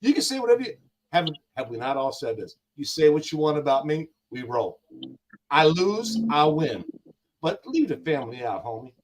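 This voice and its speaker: Older man with grandkids, guest on a talk stream. Emphatic, slangy, lively pitch. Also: moderate pace. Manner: heated, emphatic, slangy, repeats lines for effect. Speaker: guest on a live gig-driver talk show. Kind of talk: casual live-stream chat.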